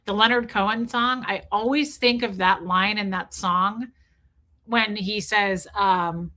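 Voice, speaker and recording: A woman in her thirties chats with her live viewers in a bright, forceful voice. She rambles from topic to topic, reads out comments and throws in the odd swear. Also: medium pitch, fairly even intonation, slow. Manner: rambling, chatty, swears, mimics movie lines. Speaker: livestream host reading chat. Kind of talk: casual chat with live viewers.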